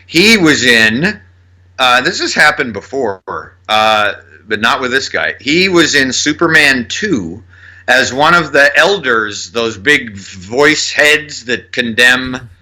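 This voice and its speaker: A man co-hosting a film podcast in loose, casual chat, swearing now and then as he reels off actors and their other roles. His voice is very bright and ringing, at a middling pitch for a man. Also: expressive, slow pace. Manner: loose and swearing, rattles off cast trivia. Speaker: podcast co-host.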